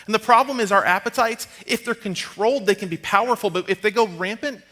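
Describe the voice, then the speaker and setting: A man in his thirties preaches from a church stage with a high, bright, forward voice. He tells stories in a loose, conversational way. He turns hushed and low when things get serious. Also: brisk. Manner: conversational, animated storytelling, drops to a hushed tone for serious moments. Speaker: pastor. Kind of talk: storytelling sermon.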